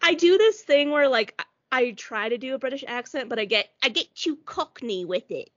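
A woman co-hosting a podcast in casual chat, animated and acting out little quotes as she talks. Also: high-pitched, moderate pace, no room sound, highs cut off. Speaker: podcast co-host.

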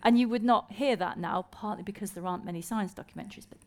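A woman's voice: medium pitch, fast talker. A woman scientist co-hosting a podcast, thinking aloud in long, reasoned runs of talk. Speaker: co-host, scientist. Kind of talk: casual podcast chat.

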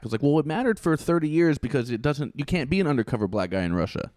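A man's voice: mid-range voice, expressive, quick pace, hardly any pauses, a little mellow, dry recording, clean studio sound. A young man co-hosting a casual podcast, rambling with many restarts and the odd swear word. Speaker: podcast co-host.

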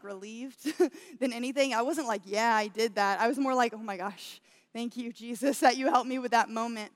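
Woman, young, high voice, chatty sermon, laughs a lot, long hall reverb. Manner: chatty, laughs often, says "y'all". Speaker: church speaker. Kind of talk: sermon with personal story.

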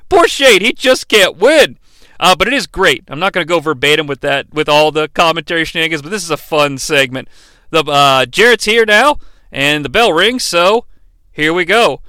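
This is a man casually recapping a show, chatty and irreverent, with the odd curse. His voice is high, bright and smooth. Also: lively intonation, normal speed, dry recording. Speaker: podcast host.

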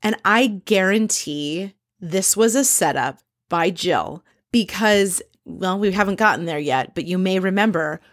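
A young adult woman giving a casual, gossipy recap of a TV episode, now and then acting out quoted lines in a brighter voice. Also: medium pitch, unhurried, hardly any pauses. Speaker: reality TV recap host.

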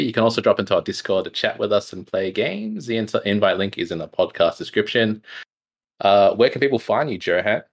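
Deep-voiced laid-back man hosting a podcast. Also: creaky, slightly rough. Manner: laid-back, laughs often, filler-heavy. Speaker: podcast host. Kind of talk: casual podcast chat.

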